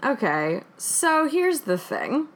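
A woman's voice: high-pitched, very animated, slow pace. Chatty woman podcast co-host. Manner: rambling, peppered with fillers and jokes. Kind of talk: casual chat reviewing a film.

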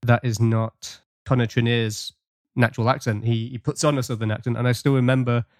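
A man's voice: medium pitch, little pitch movement, fairly quick, dry recording, clean studio sound. A man co-hosting a podcast in casual chat, enthusiastic and breaking into small laughs as he recaps. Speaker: podcast co-host.

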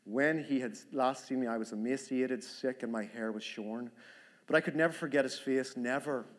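A man voicing an elderly woman camp survivor, telling her story in a steady, solemn first person. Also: mid-range voice, normal speed, lightly acted.

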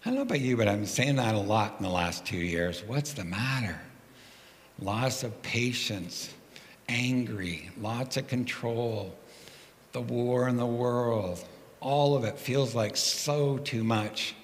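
A man preaches a sermon in a reverberant church hall, his voice carrying a long tail of echo. He speaks in a conversational storytelling way, warm in rhythm and lightly humorous about himself. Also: medium pitch, takes it slowly, a little hiss or hum. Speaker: pastor.

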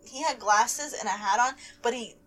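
A woman's voice: fairly high pitch, normal speed. A woman co-hosting a podcast, chatting casually and steering the conversation. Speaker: podcast co-host. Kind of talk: casual chat.

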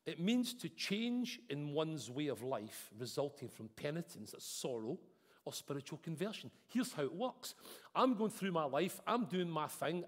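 Male preacher, fairly high voice, earnest, long reverb of a church hall. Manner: earnest, swings between loud emphasis and soft intensity. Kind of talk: sermon.

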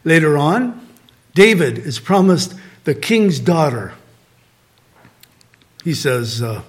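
A man from Southern California with a slightly high-pitched voice delivers a sermon in a relaxed, conversational way. He keeps returning to a short refrain and asks his listeners rhetorical questions. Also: slow, pauses often. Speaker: pastor.

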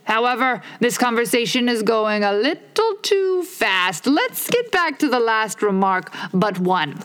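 Woman doing pompous storybook egg-man, male, slow drawn-out words, high haughty tone. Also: sing-song, fairly bright tone. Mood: lofty. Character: pompous touchy egg, male, perched on a wall.

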